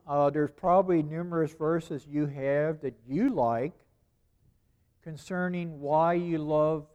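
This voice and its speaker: A man preaches in a loose, conversational way. He repeats his phrases and keeps asking rhetorical questions. His voice sits a little higher than most men's. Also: darkish tone, clean tone, muffled recording. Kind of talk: sermon.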